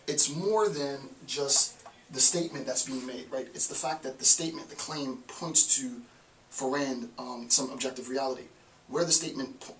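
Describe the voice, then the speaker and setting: Echoey, bright-voiced man lecturing. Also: medium pitch. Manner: conversational, repeats phrases for emphasis. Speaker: philosophy lecturer. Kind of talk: informal recorded lecture. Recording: echoey room, mic at a distance, faint hiss.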